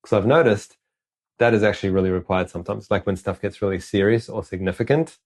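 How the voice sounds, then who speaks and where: Male podcast co-host, lowish voice, loose and frank, swears casually. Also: fast. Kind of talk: casual conversation.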